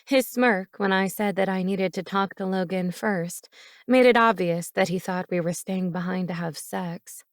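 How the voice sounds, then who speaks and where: A woman's voice: mid-range voice, normal speed, no room sound, studio quality. A woman narrating a first-person romance audiobook in an intimate storytelling manner.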